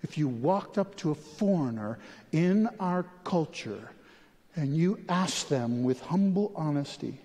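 Pastor guy preaching, kinda high voice, gets loud and worked up, long hall echo. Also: a little slow. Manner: animated, rising to urgent pleading. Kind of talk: sermon.

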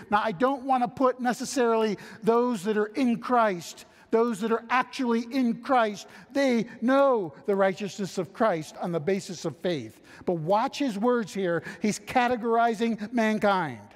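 A man with a high voice delivers an expository sermon at an unhurried pace, teaching earnestly and conversationally. He reads scripture aloud and throws out rhetorical questions to the congregation. His voice carries the long reverb of a large church hall. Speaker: pastor.

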